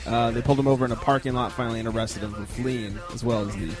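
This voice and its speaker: A man's voice: medium pitch, flat delivery, very fast, music in the background. Wry man hosting a sports podcast. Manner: wry, joking, reads news items. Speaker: sports talk podcast host. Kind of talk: casual sports talk chat.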